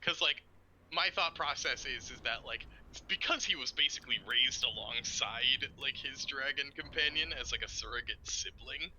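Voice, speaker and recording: A man streaming a game, explaining plans in a rambling, profane, excitable way. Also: medium pitch, normal speed, a little hiss or hum, rough recording. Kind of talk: casual chat while gaming.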